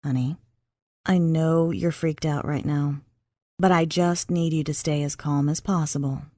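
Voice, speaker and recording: Low, hushed young man, steady and reassuring, voiced by a woman, slow and unhurried. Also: dry recording, studio quality. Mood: soothing. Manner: low, soft, calming. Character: gentle soothing young man, steady under pressure.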